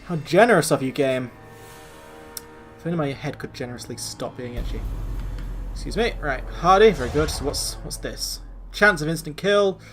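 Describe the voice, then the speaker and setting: A man's voice: on the high side, normal speed, long pauses, a bit bright, faint music behind. A man streaming a video game, giving sarcastic, rambling, sweary commentary. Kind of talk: let's-play commentary.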